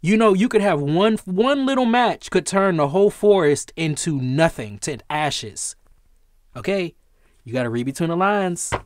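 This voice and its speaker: Excitable, cursing man reading tarot. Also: high voice, normal speed, no echo. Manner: excitable, swears often. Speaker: tarot reader.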